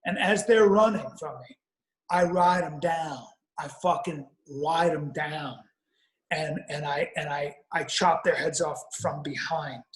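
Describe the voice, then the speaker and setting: Man, high voice, podcast storyteller, profane, rambling, roomy echo. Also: unhurried. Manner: profane, rambling, with frequent restarts. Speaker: podcast guest or co-host. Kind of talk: animated comic storytelling.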